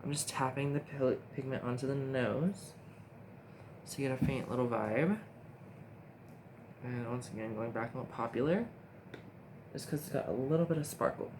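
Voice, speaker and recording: A young man filming a casual makeup tutorial on his phone, rambling, chatty and easily excited, often talking to himself. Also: mid-range voice, normal speed, long pauses. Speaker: makeup vlogger. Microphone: phone camera. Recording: steady background noise hiss.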